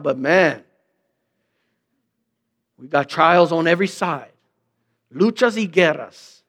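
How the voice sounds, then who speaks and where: A man's voice: fairly high pitch, animated, normal speed, long pauses, a bit bright. A man preaching a sermon in a conversational way, asking rhetorical questions and acting out quoted remarks in mock voices. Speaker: pastor.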